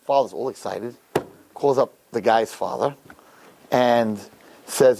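A man, a rabbi, giving a sermon to young men through an animated, joking story. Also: mid-range voice, slow pace, creaky, pauses often.

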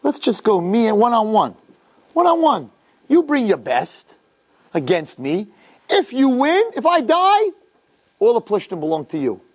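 A man's voice: fairly high pitch, big pitch swings, moderate pace. A man doing a boastful taunting giant warrior. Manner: mocking, challenging.

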